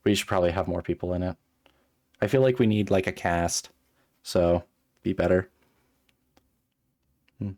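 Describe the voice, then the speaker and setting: A male streamer talks through a story game in a casual, rambling way. His voice is very low and deep, and he often turns self-mocking or exasperated. Mouse clicks tick along behind him. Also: moderate pace, pauses often, a little mellow, no room sound, studio quality. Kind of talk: casual game-stream commentary and reading aloud.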